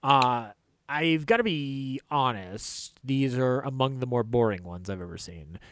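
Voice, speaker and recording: A man co-hosting a casual film podcast, animated and quick to laugh, acting out quotes in a higher voice. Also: slight background noise. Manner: animated, laughs often, acts out quotes in a high voice. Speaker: podcast co-host discussing old films. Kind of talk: casual chat.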